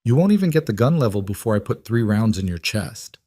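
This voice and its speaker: A man reading the lines of a calm, cultured female assassin who taunts her target. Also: lowish voice, a little fast, no echo, studio quality. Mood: cold.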